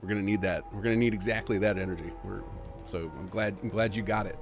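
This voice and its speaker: A man's voice: lowish voice, steady tone, fast, over music. A man hosting a livestream, reading out donations and chatting in an upbeat, casual way. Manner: upbeat, reads donations aloud, laughs often. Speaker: streamer host.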